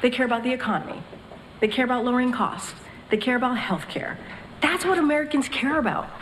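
A woman's voice: sits high, lively intonation, fast talker, a bit bright, far from the mic, a little hiss or hum. Exasperated woman at a press briefing. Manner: dismissive, exasperated. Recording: echoey briefing room from afar.

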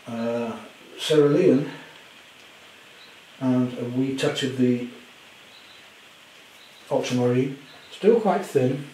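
A man demonstrating a painting at home, chatty with gentle self-deprecating humour. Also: mid-range voice, takes it slowly, pauses often, reverberant, slight background noise, poor audio. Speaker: art teacher. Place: indoor studio at home.

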